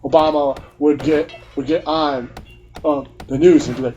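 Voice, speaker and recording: A man's voice: fairly high pitch, steady tone, moderate pace, a little mellow, a little hiss or hum. A man hosting a gaming video, ranting in a heated, profane and repetitive way. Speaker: gaming channel host. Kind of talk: heated rant during gameplay commentary.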